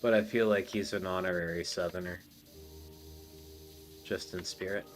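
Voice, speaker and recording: A man's voice: low-pitched, steady tone, moderate pace, soft background music. Rambling, cussing podcast host, man. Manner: rambling, profane, full of fillers. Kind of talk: casual podcast chat.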